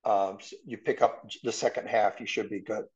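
A man's voice: on the low side, fairly even intonation, normal speed, darkish tone, dull audio. A man giving verse-by-verse Bible teaching in a conversational way, asking his class rhetorical questions.

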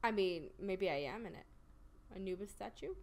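A woman commenting on her gameplay, profane and excitable, with loud exclamatory reactions. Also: mid-range voice, moderate pace. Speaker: let's play gamer.

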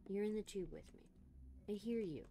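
A young woman talks her way through a creepy game with a voice of ordinary pitch. She sounds jumpy and rattled, muttering to herself and swearing as she plays. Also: normal speed, dark tone. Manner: jittery, swearing, talking to herself while scared. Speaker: streamer. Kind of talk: let's play commentary.

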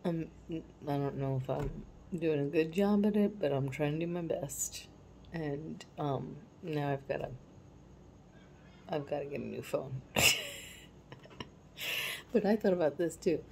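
A woman in her forties shares a family story in a loose, candid way, now and then sinking to a soft hush. Her voice sits very low and sounds dark and mellow, with a faint hiss underneath. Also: measured pace, creaky, long pauses, poor audio. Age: 40s. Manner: candid, reflective, drops to a soft hush at times. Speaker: parenting vlogger. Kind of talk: casual personal storytelling.

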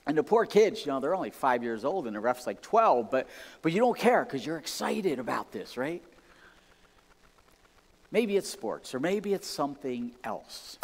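A man preaching a sermon in a conversational, animated way, acting out excited exclamations. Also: fairly high pitch, big-room sound. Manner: animated, conversational, many restarts and acted-out exclamations. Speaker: pastor. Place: church sanctuary.

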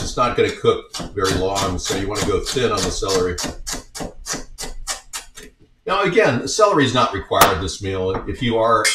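A man with a lowish voice talks through a recipe in his home kitchen, casual and rambling, with joking asides. It's a home cook's casual cooking demonstration, recorded in an echoey kitchen with the mic at a distance and a noisy background.

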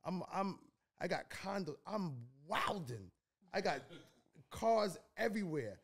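A man's voice: high-pitched, big pitch swings, a little slow, gravelly. Laid-back rambling man from New York. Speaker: guest. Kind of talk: casual storytelling interview.

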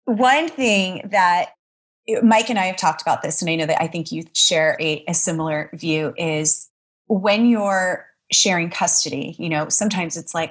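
A woman hosting a podcast interview, animated and quick to share her own experience. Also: fairly low pitch. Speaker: podcast host.

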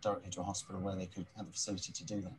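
A man, a doctor calmly explaining a serious head injury in plain terms. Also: low-pitched, racing, crowd noise. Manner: calm, reassuring, explains plainly. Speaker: air ambulance doctor. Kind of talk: calm clinical explanation.

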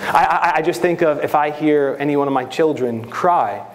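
A man's voice: on the high side, normal speed, slight background noise. A man with a New York accent preaching a sermon as a pastor, earnest and rising to impassioned, prayerful pleading.

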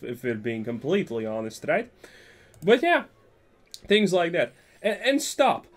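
A young man giving joking, sarcastic gameplay commentary for his channel. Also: high-pitched. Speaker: gaming YouTuber.

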